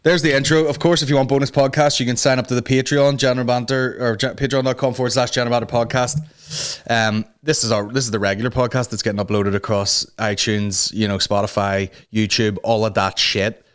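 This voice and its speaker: A man, talking casually as the host of a comedy podcast. He rambles, swears freely and drifts into sarcasm, his pitch sitting at an ordinary middle level for a man. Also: level tone, brisk, clear, resonant tone.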